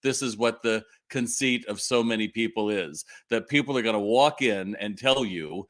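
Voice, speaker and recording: A man's voice: fairly low pitch, moderate pace, hardly any pauses, fairly bright tone. A middle-aged man hosting a live retail Q&A, talking casually and animatedly, with lots of fillers and restarts. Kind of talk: casual livestream talk.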